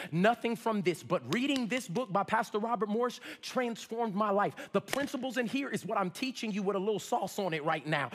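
A male pastor preaching a sermon, swinging between shouts and low asides. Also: in a large hall. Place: church sanctuary.

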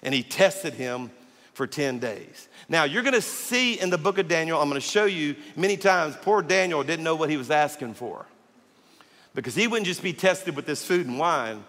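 A pastor preaching in a big church, his slightly high voice ringing out with a long hall echo behind it. He tells his stories with animated energy and acts out each side of a conversation. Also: normal speed. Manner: animated storyteller who acts out dialogue. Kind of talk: sermon. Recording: long reverb of a large hall.

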